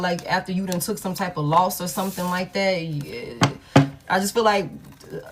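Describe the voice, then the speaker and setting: A woman's voice: on the low side, a little hiss or hum. Emphatic woman giving a tarot reading. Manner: emphatic, reassuring, profane, repeats phrases. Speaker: tarot reader. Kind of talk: casual live tarot reading.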